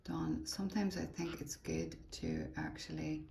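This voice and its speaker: A woman's voice: low voice, very animated, normal speed, gravelly, dark tone, roomy sound, a little hiss or hum. A woman leading a live phone tutorial for teachers, chatty and thinking aloud as she taps through the steps. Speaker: teacher trainer.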